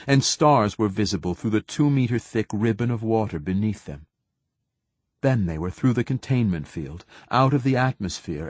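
Male narrator, low husky voice, dry booth sound, steady novel reading. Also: dry recording. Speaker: audiobook narrator. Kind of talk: scripted narration.

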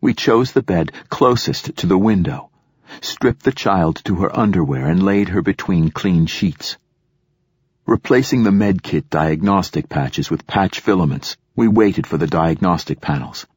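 Deep husky male audiobook narrator. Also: animated, unhurried, darkish tone, no room sound. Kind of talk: scripted narration.

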